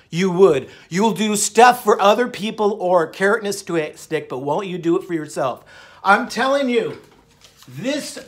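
Here a middle-aged vlogger rambles happily to his camera in a high, animated voice with a fairly bright tone, speaking at normal speed. Now and then he sings a few lines.

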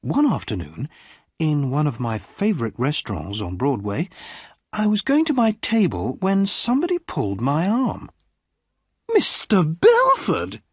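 A man reading a graded short story aloud as an audiobook narrator, in a slow, deliberate way. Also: huge pitch swings, a little mellow, husky, dry recording, studio quality. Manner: slow, deliberate reading with wide swings in pitch.

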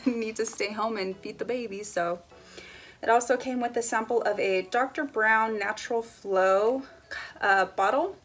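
A woman's voice: medium pitch, fairly bright tone. A young woman chatting casually as she unboxes baby samples for a family vlog, giggling now and then. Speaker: family vlogger.

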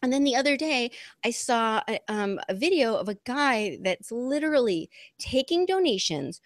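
A lively woman on a talk stream, her pitch leaping up and down as she tells stories and mimics other people. Her voice sits fairly high, recorded close and dry with no room sound. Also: moderate pace, no room sound. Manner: animated, acts out voices of others mid-story. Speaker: talk show co-host. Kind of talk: casual conversation.

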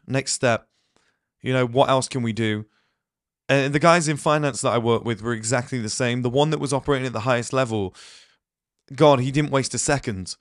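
The recording is dry and studio quality, capturing a man's mid-range voice. As host of a motivational monologue, he mentions being ill, keeps his tone blunt, and fires off rapid asides and little acted-out quotes for his viewers.

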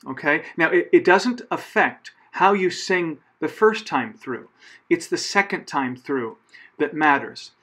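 A man's voice: fairly high pitch, lively intonation, measured pace, bright, forceful tone, husky. A man as a choir director, giving patient spoken rehearsal notes with frequent fillers and self-corrections. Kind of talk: conducting rehearsal instructions.

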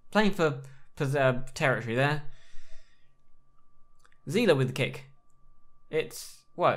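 A man casually commentating on his own football management game, chatty and quick to react to every play. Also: a little high. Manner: excitable, chatty, reacts aloud to the match. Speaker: gaming YouTuber playing a football management game. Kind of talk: casual live commentary on gameplay.

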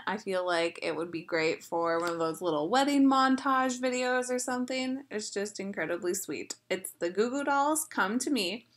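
A woman's voice: mid-range voice, fairly bright tone. A woman vlogger in casual chat, gushing and chatty with lots of filler words.

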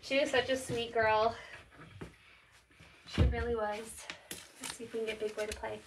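A woman's voice: on the high side, little pitch movement, normal speed, background noise. A woman hosting a casual livestream at a cat shelter, chatty and giggly, thanking viewers by name. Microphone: phone held in hand.

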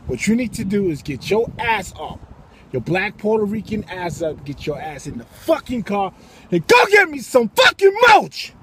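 A man imitating his bossy, furious wife, yelling orders at him in a shrill voice. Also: animated, moderate pace, slight background noise.

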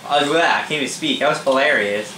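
A young man giving casual live commentary over his own multiplayer matches, swearing freely, quick to get angry and laughing at his own mishaps. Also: mid-range voice, pushed and bright, a little hiss or hum. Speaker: gamer doing live commentary. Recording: roomy echo with faint ambience.

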